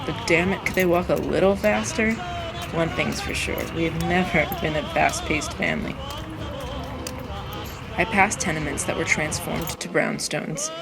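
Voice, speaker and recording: Woman reading a personal essay, low voice, gravelly, wry and excitable, faint music behind. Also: poor audio.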